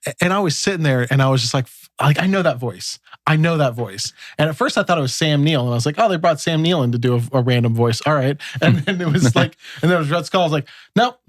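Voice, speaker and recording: A man's voice: fairly high pitch, fast, dry recording, clean studio sound. A man co-hosting a casual movie review podcast, rambling and restarting his sentences often. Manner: rambling, many restarts and fillers. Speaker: podcast co-host.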